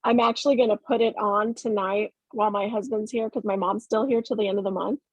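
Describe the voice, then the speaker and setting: Breathy woman chatting on a video call. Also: mid-range voice, fairly even intonation, fairly quick. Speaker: team member on the call. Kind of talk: casual group video call. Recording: dull lo-fi video call audio.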